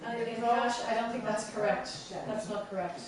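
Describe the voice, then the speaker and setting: A woman's voice: on the high side, steady tone, normal speed, crowd noise. A woman leading a song workshop, patiently breaking each line of the song into small parts and repeating them for a class to copy. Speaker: workshop teacher. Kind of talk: teaching a song phrase by phrase. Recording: far-off mic in a very echoey room, clear room ambience.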